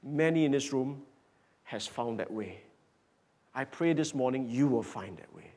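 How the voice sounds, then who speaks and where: Animated male pastor preaching. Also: mid-range voice, a little slow. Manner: emphatic, swings from loud declarations to hushed whispers. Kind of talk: sermon. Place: church hall.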